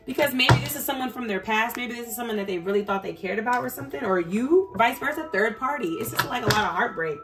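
A woman's voice: on the high side, expressive, quick pace, hardly any pauses. A woman giving a casual tarot reading, talking bluntly and profanely straight to her viewers and getting heated as she goes. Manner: gets heated and emphatic. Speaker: tarot reader. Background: faint background music.

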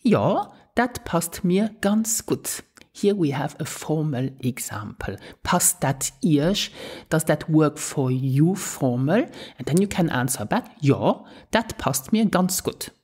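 A woman teaching a podcast language lesson, slowly and carefully saying phrases and repeating them for learners to copy. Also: low-pitched, lively intonation, a little mellow, slightly rough. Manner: slow, careful drills of words and phrases. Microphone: podcast microphone.

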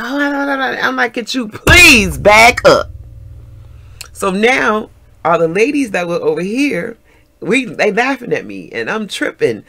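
A middle-aged woman tells a story in a lively, animated way. Her pitch leaps up and down as she acts out each line of dialogue, and her voice has a gravelly edge. She laughs often as she talks. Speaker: vlogger.

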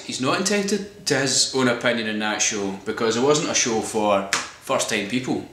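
A man's voice: mid-range voice, lively intonation, normal speed, hardly any pauses, sharp tone, a little hiss or hum. Sweary man ranting, echoey room. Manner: sweary, exasperated storytelling. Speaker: vlogger reviewing a comedy show. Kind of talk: ranting monologue.

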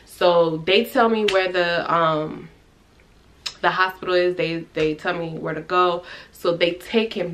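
A young woman vlogger telling a personal story in a chatty, animated way, with restarts and quoted dialogue. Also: fairly low pitch, slow, a little hiss or hum. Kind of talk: casual storytelling vlog.

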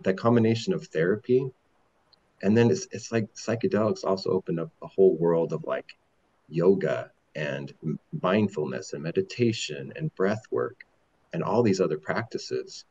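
A man in his forties telling his own story candidly as a podcast guest, halting and rambling with many restarts. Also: low voice, a little mellow, breathy edge, highs cut off. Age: 40s.

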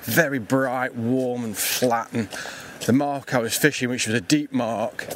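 A man's voice: mid-range voice, steady tone, unhurried. A man hosting a fishing podcast, talking casually and a bit out of breath as he scrambles over rocks, with plenty of ums and self-deprecating asides. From England. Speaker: podcast host. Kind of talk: casual outdoor fishing commentary. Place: rocky coast outdoors at dawn. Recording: outdoor recording with clear background noise.

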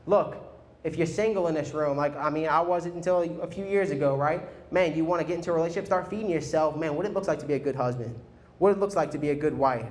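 A man preaching a sermon in an energetic, conversational way, often saying "man" to the congregation. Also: a little high, quick pace.

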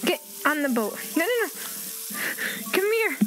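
High, squealing young woman gamer. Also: big pitch swings, a little slow, music in the background. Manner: squealing, gasping, baby-talk to animals. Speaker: gaming video creator. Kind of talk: excited gameplay commentary.

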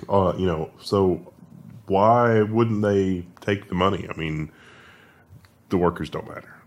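A man's voice: deep voice, slow, vocal fry, long pauses. A man co-hosting a casual tech news show, wry and sarcastic, laughing often between stories.

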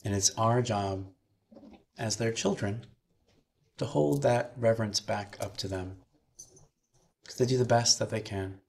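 A man minister leading a slow, soothing guided meditation with breathing cues, then speaking to a chapel congregation. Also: lowish voice, creaky, darkish tone.

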